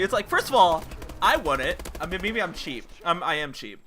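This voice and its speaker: Young man, slightly high voice, rambling casual storytime, restarts sentences. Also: very animated, moderate pace, bright, forceful tone. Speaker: gaming channel host. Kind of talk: casual storytime over gameplay.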